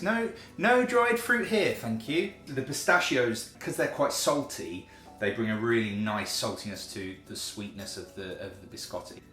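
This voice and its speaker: A man's voice: medium pitch, a bit bright, echoey room. A chatty, self-deprecating man, hosting a casual cooking video in his home kitchen.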